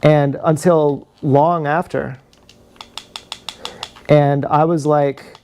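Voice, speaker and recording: Gravelly man rambling on a livestream. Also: on the high side, little pitch movement, very slow, long pauses, a little mellow, slight background noise. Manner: meandering, confessional, laughs at own stories. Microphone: action camera.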